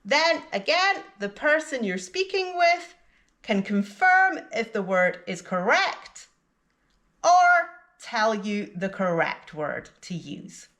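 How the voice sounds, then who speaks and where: A woman teaching an English lesson in a slow, deliberate scripted delivery, with exaggerated intonation in her example sentences. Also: a little high, very animated, fairly bright tone.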